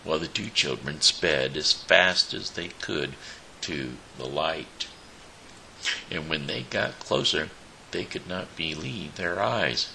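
A man hosting his show, reading a fairy tale aloud slowly, with small slips and restarts. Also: low-pitched, gravelly, pushed and bright, a little hiss or hum, rough recording. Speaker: show host reading a story. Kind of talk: storybook reading.

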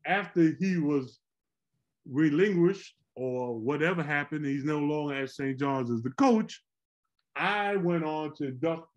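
A middle-aged man, a former pro basketball player, telling animated, rambling stories on a podcast. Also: on the high side, lo-fi sound. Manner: animated, rambling, repeats words. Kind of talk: casual storytelling chat.

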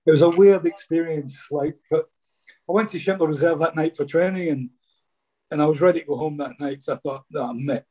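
A man's voice: fairly high pitch, brisk, mellow. A Scottish man, a former footballer, telling stories casually in an interview and often saying "mate". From Scotland. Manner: chatty, says "mate" a lot.

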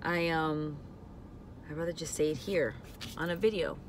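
A woman's voice: low voice, moderate pace, background noise. A woman vlogging from a parked car. She is emotional and close to tears, and she talks hesitantly, rambling and trailing off. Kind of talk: casual confessional vlog. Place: parked car in a parking lot.

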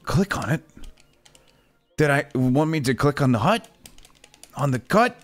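A man playing a game for a video, joking sarcastically and jumping into sudden loud, high yelps. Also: very animated, measured pace, long pauses, soft background music. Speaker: gaming YouTuber. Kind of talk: let's play commentary.

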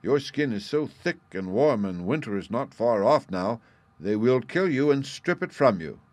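A man's voice: medium pitch, very animated, normal speed, a little mellow, no echo, natural voice. A man voicing a cheeky young boy in a storybook reading, insistent and blunt. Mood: urgent, blunt. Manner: insistent warning, raised voice.

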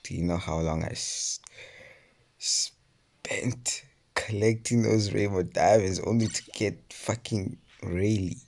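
Young man, gaming vlog commentary, husky voice, slow drawl, frustrated, swearing, whispering at times. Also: on the low side, a little mellow. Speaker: mobile game YouTuber.

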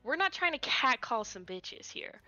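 A woman's voice: high voice, big pitch swings, moderate pace, pushed and bright, no room sound, lo-fi sound, soft background music. A woman giving an improvised comic talk on a headset, breezy and mock-instructional. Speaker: improv game player.

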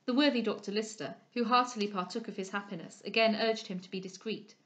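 A woman reading a classic novel aloud in a measured, expressive way. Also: mid-range voice. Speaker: audiobook reader. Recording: dull lo-fi recording.

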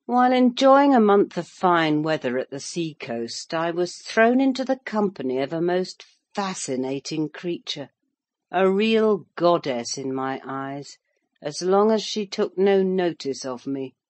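Brief: unhurried narrator for a classic novel, formal and measured, dry close recording. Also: mid-range voice, sing-song, no room sound. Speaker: audiobook narrator.

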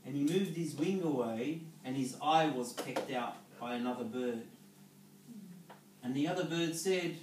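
A mid-range, slightly mellow male voice, a little slow, comes from far off in an echoey room with slight background noise. He's a network marketing speaker coaching an audience in a motivational business talk, checking in with short questions such as "okay?" and "yeah?".

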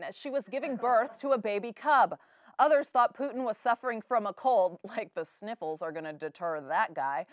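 Young woman, news anchor, comedic newscast, playful and sarcastic, higher voice. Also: fairly bright tone, no room sound, clean studio sound. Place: studio.

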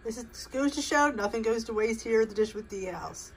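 A woman's voice: a little high, a little fast, slight background noise, rough recording. A woman hosting a home cooking video, talking viewers through a recipe in a chatty, rambling way. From United States. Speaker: cooking vlog host. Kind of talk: casual cooking demonstration.

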